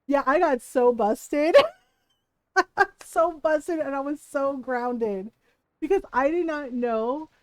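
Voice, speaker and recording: A woman's voice: high-pitched, takes it slowly, darkish tone, dry recording, rough recording. A woman livestreamer chatting casually as she tells a story during a game, laughing often and acting out the dialogue. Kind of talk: casual storytelling while gaming.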